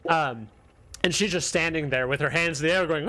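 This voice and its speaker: A man narrating a tabletop game as dungeon master, halting with fillers. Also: fairly high pitch, bright, forceful tone.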